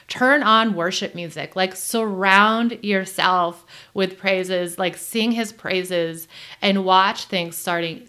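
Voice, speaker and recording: A woman's voice: mid-range voice, sharp tone. A woman co-hosting a faith podcast, talking casually and earnestly with lots of filler words. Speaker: podcast co-host.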